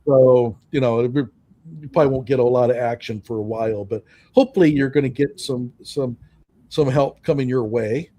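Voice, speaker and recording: A man hosting a live stream from home over a video call, talking in a relaxed, rambling way with many fillers. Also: medium pitch, a little fast. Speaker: host. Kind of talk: casual chat on a live stream. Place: home in Oklahoma.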